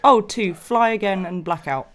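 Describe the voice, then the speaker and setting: A woman co-hosting a podcast, chatting quickly and supportively about music. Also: medium pitch, a bit bright. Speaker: podcast co-host. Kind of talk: casual music chat.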